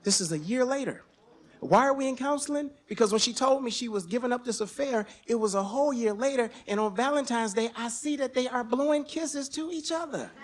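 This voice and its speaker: Guy telling a story live on stage, high voice, slangy and animated. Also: fairly quick. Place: stage at a museum event.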